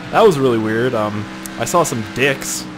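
A young Canadian man with a Canadian accent giving casual let's-play commentary, excitable and profane, yelping and swearing while he plays. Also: mid-range voice, moderate pace. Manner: excitable and profane, yelps and swears at other cars. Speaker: gaming YouTuber. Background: game music and car engine sounds.

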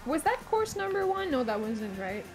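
A woman's voice: high voice, sing-song, normal speed. A French-Canadian woman with a Quebec accent, chatting casually and swearing while streaming a game, her voice strained from a sore throat. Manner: chatty, swears a lot, laughs often. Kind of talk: casual gaming stream chat. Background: game music.

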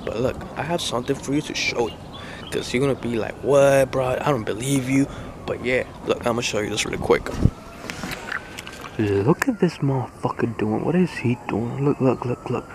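A young man casually vlogging outdoors by the water in light rain, talking excitedly and slangily straight to his viewers on a handheld phone. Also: medium pitch, fairly quick. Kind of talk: casual outdoor vlog chat. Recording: outdoor phone audio with street noise.

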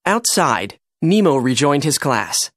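Storybook reader, super lively, bouncy, dry close sound. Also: medium pitch, takes it slowly, no echo. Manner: expressive, animated read-aloud. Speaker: narrator. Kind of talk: children's storybook reading.

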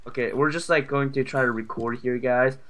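A man hosts a casual gameplay video, excitable and rambling, packed with fillers and yelping when things go wrong. He talks briskly in a mid-range voice.

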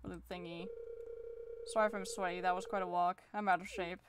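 A woman's voice: lowish voice, fairly even intonation, brisk, noisy background. A woman streaming a video game, chatty and self-deprecating, swearing and answering chat. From Canada. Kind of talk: casual live-stream chat.

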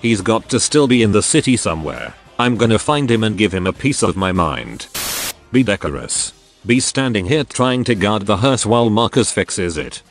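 A man's voice: lowish voice, expressive, moderate pace, faint music behind. A computer-generated male voice reading crude first-person forum stories straight through. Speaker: narrator.

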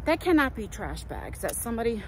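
A woman's voice: on the high side, very animated, fairly quick. Chatty woman vlogging on the go. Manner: chatty, rambling, self-laughing. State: out of breath while walking. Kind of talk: casual walk-and-talk vlog. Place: in a car, then outdoors by a lake. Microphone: phone camera, then selfie stick. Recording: noisy car and outdoor recording.

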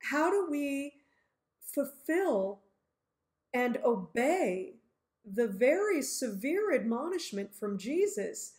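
A woman with a high voice teaches scripture at an unhurried, measured pace. She is earnest and explains each point by acting out small everyday scenes. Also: sing-song, darkish tone. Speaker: Bible teacher. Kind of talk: Bible teaching talk.

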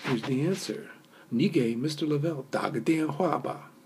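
A man's voice: medium pitch, moderate pace, gravelly, a little mellow, slight background noise. A man teaching a recorded language lesson, explaining step by step with fillers and patiently repeating phrases for learners to echo. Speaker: Mandarin teacher.

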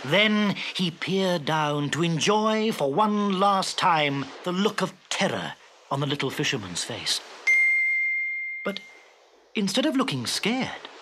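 A man narrating a children's audiobook story in an expressive, dramatic way. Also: sits high, slight background noise.

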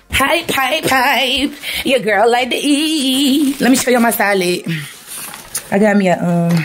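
Casting: woman in her 30s, relaxed home vlogger, chatty, faint music in the background. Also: mid-range voice. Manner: chatty, addresses viewers as y'all. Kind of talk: casual chat to camera.

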